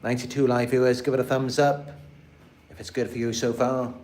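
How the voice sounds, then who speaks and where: A man with a medium-pitched, slightly mellow voice talks a little fast in a level tone. The British host of a live stream on narcissistic abuse, he keeps things casual but rambling, with repeated words, restarts, and many "you know" fillers.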